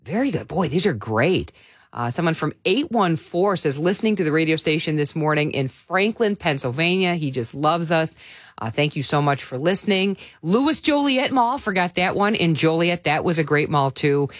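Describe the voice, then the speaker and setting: Chicago lady radio host, chatty, kinda low voice, dry studio sound. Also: big pitch swings, normal speed, no room sound. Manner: chatty, reads listener texts aloud. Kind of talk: casual radio chat. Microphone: studio mic.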